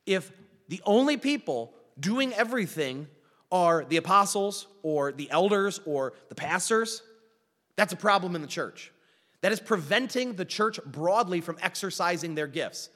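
A man preaching a sermon as a pastor, animated and full of rhetorical questions, with wry self-deprecating asides. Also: high voice, moderate pace. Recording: long reverb of a large hall.

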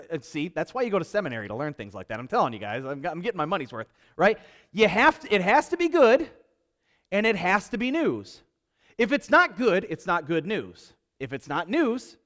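A man's voice: sits high, a bit bright. A male pastor preaching a sermon to his congregation, emphatic and repetitive, with joking asides. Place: church before a congregation.

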